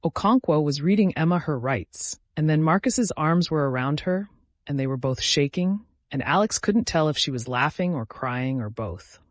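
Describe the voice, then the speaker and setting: A man reading a thriller romance story aloud in a measured, dramatic way. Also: on the high side, lively intonation, dry recording. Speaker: narrator. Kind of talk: scripted narration of a thriller romance.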